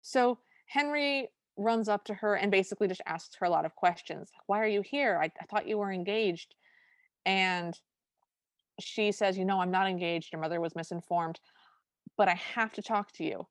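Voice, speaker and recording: A woman's voice: medium pitch, normal speed, no echo. Chatty woman recapping a movie. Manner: chatty, enthusiastic, recounting scenes. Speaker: podcast co-host. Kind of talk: casual movie recap chat.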